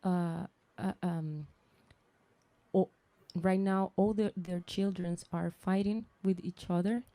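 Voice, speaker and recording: A woman speaks slowly and haltingly, stopping often to restart her sentences as she gives personal testimony. Her voice sits low and dark, with a flat, even delivery. The sound is dry and close. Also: no echo. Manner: hesitant, searching for words with many restarts. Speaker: guest speaker.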